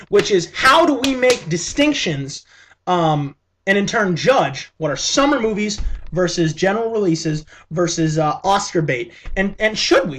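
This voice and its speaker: A male movie reviewer talking casually to the camera, rambling and full of enthusiasm. His voice sits a little high and sounds bright and forceful, with plenty of ums and restarts. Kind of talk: casual vlog film review.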